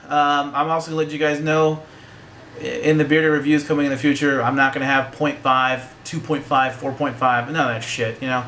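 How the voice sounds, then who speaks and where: A man's voice: mid-range voice, level tone, a little fast, fairly bright tone, a little hiss or hum. A young man giving a casual, joking, profane movie review that rambles along.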